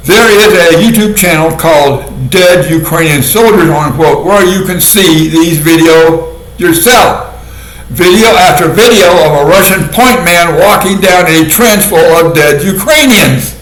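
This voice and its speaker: A man giving a casual monologue commentary in a sardonic way, laughing often at his own dark jokes. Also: on the high side, unhurried. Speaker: video commentator. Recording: echoey room.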